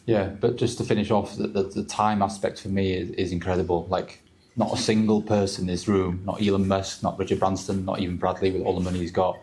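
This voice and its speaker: A man's voice: low voice, little pitch movement, fairly quick, darkish tone, slight background noise. A man in his thirties, a father and trader, talking candidly and emotionally on stage at a live event. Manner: candid, emotional, repeats words. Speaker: trader speaking on a panel. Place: event hall with an audience.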